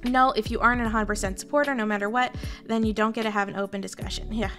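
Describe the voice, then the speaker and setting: A woman's voice: fairly high pitch, steady tone, fast talker, fairly bright tone, faint music behind. A Canadian woman streamer talking casually to her viewers, candid and rambling, swearing freely. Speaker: VTuber streamer.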